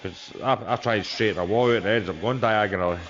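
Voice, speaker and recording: A man's voice: fairly low pitch, fast talker, muffled recording, very noisy. A Scottish man chatting and joking about himself on a racing stream. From Scotland. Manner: jokey, self-mocking. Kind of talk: casual chat.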